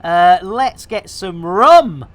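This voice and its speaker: A woman streaming live, chatting casually in a bubbly, jokey way, with bursts of shouting and laughter. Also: lowish voice, lively intonation, extremely slow.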